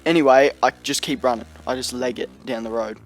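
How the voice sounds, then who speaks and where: A young vlogger with a mid-range voice talks a little fast, spinning a loose storytime tale. It's slangy and meandering, packed with fillers such as "like" and "you know."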